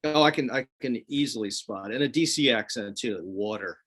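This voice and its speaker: A man in casual chat, an animated storyteller who laughs often, from the Washington DC area. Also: mid-range voice, fairly quick, a little hiss or hum. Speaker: guest.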